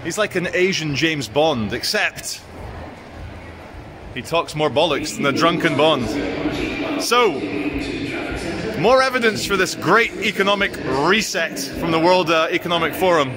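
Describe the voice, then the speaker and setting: A man's voice: on the high side, expressive, measured pace, pauses often, background noise. A man with a sardonic, crude, ranting manner, vlogging as he walks through an indoor shopping centre, recorded on a handheld camera. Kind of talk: walking vlog with sardonic commentary.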